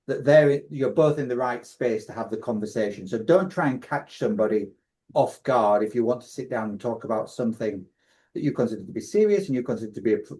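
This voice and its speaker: Man, podcast host, casual recap, restarts sentences, warm tone. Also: mid-range voice. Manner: recaps points as a list, with frequent restarts.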